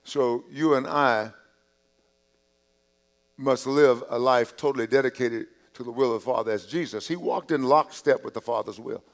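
A male pastor preaching a sermon in a conversational way, repeating and restarting words, dropping to quiet asides and rising on key points. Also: mid-range voice, normal speed. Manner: drops to quiet asides, rises on emphasis.

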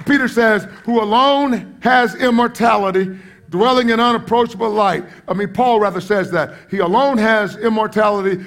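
A man with a high voice preaches a sermon, full of fervor. He drops into quiet, low asides, then climbs to loud, ringing exclamations. He sounds middle-aged. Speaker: pastor.

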